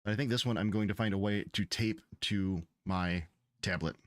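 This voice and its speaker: A man's voice: lowish voice, fairly even intonation, moderate pace, dry recording, studio quality. Rambling, profane male streamer. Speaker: game developer streamer. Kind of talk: casual livestream chat.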